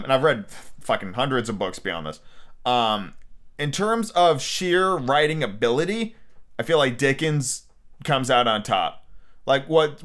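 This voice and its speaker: A man's voice: mid-range voice, fairly bright tone. A young man hosting a podcast, reading a classic novel aloud and breaking off into blunt, profane, opinionated asides. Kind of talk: casual audiobook reading with rants.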